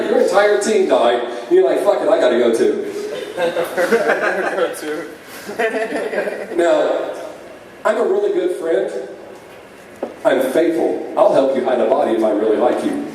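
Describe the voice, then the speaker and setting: A man doing a profane stand-up set, telling stories with deadpan punchlines on a club stage. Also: high voice. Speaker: stand-up comedian. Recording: echoey club sound from far off, faint noise.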